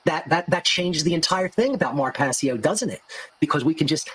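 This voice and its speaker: A man's voice: a little high, animated, fairly quick, fairly bright tone, slightly rough, low-quality recording. A man delivering an angry, scornful monologue rant as a show host, heaping insults and repeating himself for emphasis. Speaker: occult lecturer and show host.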